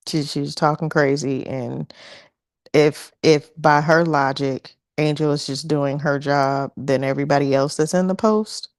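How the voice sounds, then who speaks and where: A woman's voice: sits low, steady tone, unhurried, dry recording, clean studio sound. A woman in her forties arguing emphatically in a casual sports debate, stretching her words for effect. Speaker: debate panelist.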